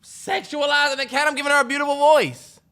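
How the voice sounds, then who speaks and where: A man with a very high voice talks fast while co-hosting a podcast, chatting casually and telling stories. He's animated and joking, slipping into put-on voices as he goes.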